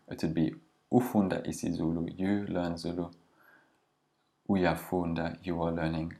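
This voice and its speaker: Male language teacher, very low voice, patient and explanatory. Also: a little mellow. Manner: patient, slows down to model pronunciation.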